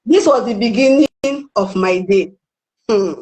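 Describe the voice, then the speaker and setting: A woman's voice: mid-range voice, a little slow, dark tone, rough recording. A young woman with a Nigerian accent, telling a story in casual chat and acting out the people she quotes. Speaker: guest storyteller.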